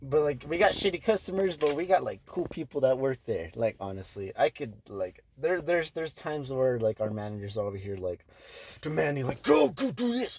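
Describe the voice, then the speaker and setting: A young man hosting a casual podcast, rambling through stories with constant fillers, cussing and quick laughs. His voice sits at an ordinary middle pitch. It is recorded dry, close and clean. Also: darkish tone, no echo. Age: young adult. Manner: loose, profane, full of "like" fillers, laughs often. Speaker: podcast host.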